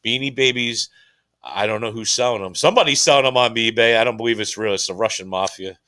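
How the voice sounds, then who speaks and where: Guest spot: male auctioneer, bright tone, rambling casual talk, lots of restarts. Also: medium pitch, fast talker. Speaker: auction house owner, guest. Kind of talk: casual chat on a live stream.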